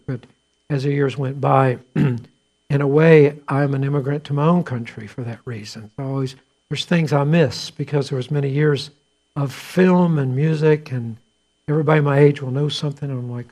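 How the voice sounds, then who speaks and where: A man preaching a sermon as a pastor, telling the story conversationally with restarts and shifts between quiet asides and louder points. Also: fairly high pitch, fairly even intonation, moderate pace. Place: church.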